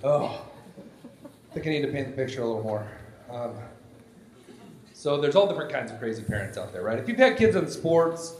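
A man in his forties doing a stand-up comedy routine on stage, loud and animated, often shouting for effect. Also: mid-range voice, fairly quick, long pauses, a little hiss or hum. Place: comedy stage before a live audience. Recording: echoey live room with crowd.

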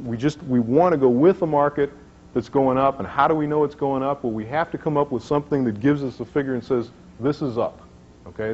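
A man's voice: medium pitch, darkish tone. A man speaking casually at a trading seminar, often repeating words and restarting sentences. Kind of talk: live seminar talk. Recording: dull lo-fi recording.

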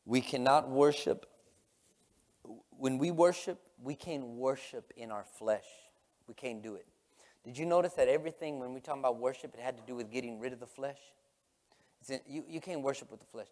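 A man preaching as pastor, impassioned and emotional, with a Texan accent, his voice dropping to a hush and then rising. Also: mid-range voice, moderate pace. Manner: impassioned, swinging from hushed to loud. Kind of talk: emotional sermon. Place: large church sanctuary. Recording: long hall reverb.

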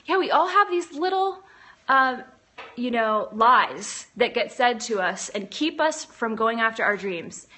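A woman hosts a live stream into her phone, talking warmly and conversationally as she reads viewer comments aloud. Her voice sits a little high and rings bright and clear. She stumbles into ums and self-corrections as she goes, keeping it casual and encouraging. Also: lively intonation, unhurried. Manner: chatty, encouraging, frequent ums and restarts. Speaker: livestream host. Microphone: phone camera.

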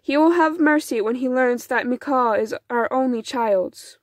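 A woman's voice: sits high, measured pace, dry recording, clean studio sound. A woman voicing a grieving, desperate village mother who pleads urgently, in a storybook reading. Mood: pleading.

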